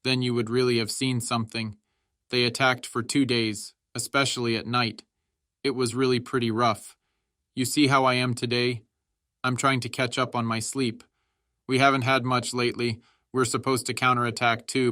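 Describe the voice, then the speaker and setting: Brief: narrator doing a worn-out veteran soldier, sardonic and chatty, bright, dry close read. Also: male voice, mid-range voice, little pitch movement, moderate pace, dry recording, close to an everyday voice. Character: weary, mocking veteran male soldier.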